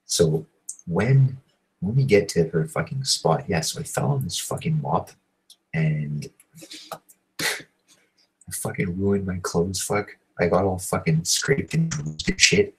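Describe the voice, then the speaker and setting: Brief: man in his thirties, low-pitched voice, casual foul-mouthed storyteller, home setup. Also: takes it slowly, pauses often, poor audio. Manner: profane, animated, swears constantly. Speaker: host. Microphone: home recording setup.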